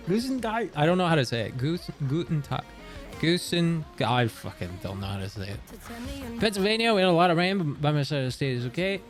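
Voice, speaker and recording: A young man streaming from Canada, chatting casually with viewers, rambling and swearing as he reads chat aloud. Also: fairly high pitch. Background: faint music.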